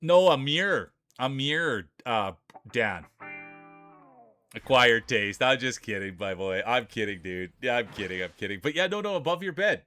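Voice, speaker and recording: A man streaming live commentary on a marble race, with energetic, joking hype-man banter. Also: medium pitch, moderate pace, soft background music.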